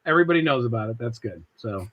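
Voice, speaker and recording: A man's voice: medium pitch, lively intonation, fast, muffled recording. A man hosting a casual talk show, telling a rambling home-repair story and acting out the other people's voices. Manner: rambling anecdotes, acts out quoted voices. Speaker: podcast host.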